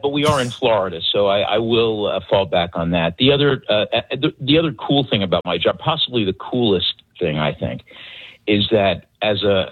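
A man's voice: low-pitched, breathy edge, dry recording. A man calling in to a radio show, chatting casually and joking about his job. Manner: easygoing, joking. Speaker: caller. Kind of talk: casual phone chat. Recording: phone line.

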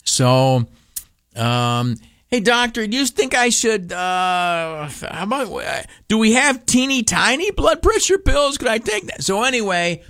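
Animated older man telling a funny story. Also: medium pitch, dry recording, clean studio sound. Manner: animated, acts out dialogue in raised voices. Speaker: radio commentator. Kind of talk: humorous storytelling monologue.

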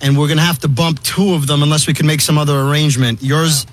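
A man making a prank phone call, polite, calm and deadpan throughout. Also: on the high side, fast. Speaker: radio prankster.

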